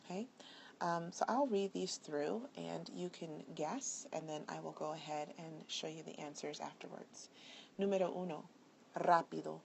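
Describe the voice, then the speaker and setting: A woman teaching Spanish in a recorded video lesson, dictating words carefully and deliberately. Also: low-pitched, steady tone, vocal fry, darkish tone, a little hiss or hum.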